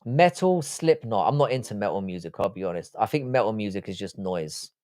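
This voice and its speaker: A lowish-voiced man with a London accent hosts a casual live stream, reading out viewer comments one by one. He answers bluntly, with dry asides. The sound is dry and close to the mic. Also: expressive, a little fast, a little mellow, no echo. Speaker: livestream host reading chat.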